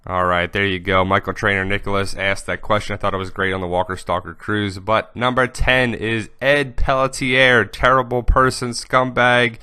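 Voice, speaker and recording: Bright, crisp-voiced man chatting casually. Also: lowish voice, little pitch movement, moderate pace, hardly any pauses, no room sound, studio quality. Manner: chatty and offhand. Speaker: host. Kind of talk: casual commentary.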